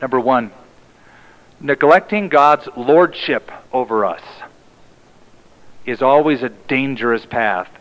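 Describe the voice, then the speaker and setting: A male pastor preaching a sermon in an emphatic way, often dropping to a hushed tone for the key lines. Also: medium pitch, lo-fi sound.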